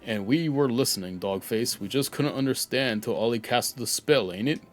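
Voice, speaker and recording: A man's voice: mid-range voice, moderate pace, soft background music, voice pushed down, natural voice. A man voicing a cheeky small male fairy sidekick who talks in folksy slang and teases. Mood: cocky.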